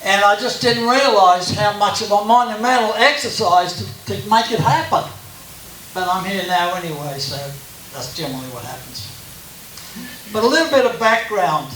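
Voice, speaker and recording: High-voiced Australian man telling his story. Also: animated, moderate pace, fairly bright tone. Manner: chatty and joking, with laughs. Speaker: guest speaker at a church gathering. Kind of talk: personal storytelling talk. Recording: echoey room from a distance, faint hiss.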